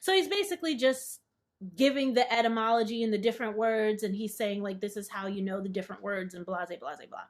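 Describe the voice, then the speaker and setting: A woman's voice: medium pitch, quick pace. A woman hosting a study session, reading passages from a book aloud and chatting casually with her live audience between passages. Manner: casual and chatty, with frequent fillers and asides. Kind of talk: reading aloud and commenting, answering chat live.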